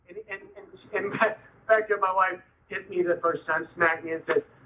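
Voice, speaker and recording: Animated high-voiced man telling a story. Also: fairly quick, rough recording. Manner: self-mocking humor, animated retelling with quoted voices. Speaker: speaker sharing his recovery story. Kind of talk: storytelling talk to an audience.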